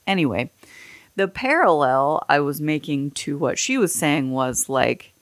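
A woman's voice: low-pitched, expressive, measured pace, dry recording. A woman hosting a podcast, chatting casually in a rambling, candid and profane way. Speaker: podcast host. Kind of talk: casual chat.

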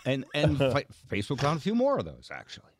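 A man hosting a radio talk show, telling stories in an animated, rambling way. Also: medium pitch, quick pace, heavy background noise. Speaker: radio host.

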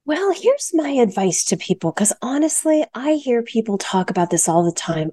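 A woman's voice: a little high, lively intonation, normal speed, few pauses, mellow, no room sound. A woman co-hosting a health radio show, talking frankly and emphatically and repeating phrases for stress. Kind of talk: candid health talk.

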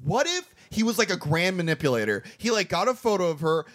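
A man co-hosting a podcast in casual chat, excitable, laughing often and swearing freely. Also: high-pitched, fast talker. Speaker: podcast co-host.

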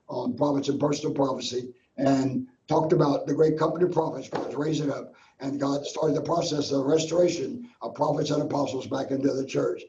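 A man's voice: mid-range voice, warm tone, slight background noise. An older man, a guest minister, tells a personal testimony in an earnest, repetitive preacher's cadence. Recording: roomy, dull lo-fi sound.

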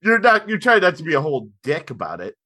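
A man's voice: on the high side, huge pitch swings, quick pace, bright, forceful tone, breathy edge. A man on a podcast reacting to a friend's story with teasing banter. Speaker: podcast co-host. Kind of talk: casual chat.

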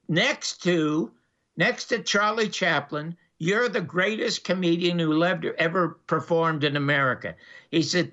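Older guy from canada telling showbiz stories, high bright voice, muffled lo-fi audio. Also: moderate pace. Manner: animated anecdotes with laughs and restarts. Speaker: guest, former TV critic. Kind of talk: storytelling interview. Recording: dull lo-fi recording.

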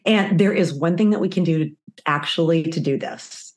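A woman in her fifties, a guest in an interview, telling a story with animated acted-out quotes. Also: sits low, moderate pace.

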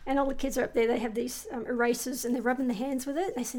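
A woman's voice: high-pitched, little pitch movement, fast talker, few pauses, a little mellow. An older woman, chatting casually about slang, laughing often and finishing her friend's sentences. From came from England as a child, grew up in Sydney. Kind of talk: casual chat explaining slang.

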